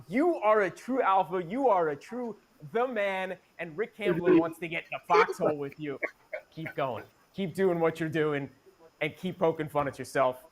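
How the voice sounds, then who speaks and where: A man makes an emphatic, joking case on a podcast, stacking up rhetorical questions. His voice sits slightly high. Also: a bit bright. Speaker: podcast co-host. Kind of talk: comedic opinion segment.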